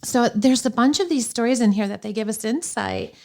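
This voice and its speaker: A woman's voice: a little high, a little fast, darkish tone. A woman, a mother and guest author, talking earnestly in a conversational interview about her experience. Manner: earnest, reads quotes from book aloud.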